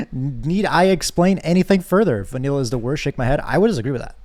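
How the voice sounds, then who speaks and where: A man's voice: fairly high pitch, lively intonation, brisk, darkish tone. A young man streaming a game, chatting casually with his viewers, joking and reading chat aloud.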